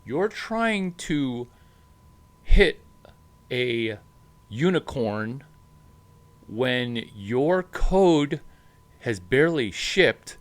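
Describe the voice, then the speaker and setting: Man, startup advisor monologue, slow deliberate pace, punchy emphatic stresses, mid-pitched voice. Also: sing-song. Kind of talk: animated monologue to camera.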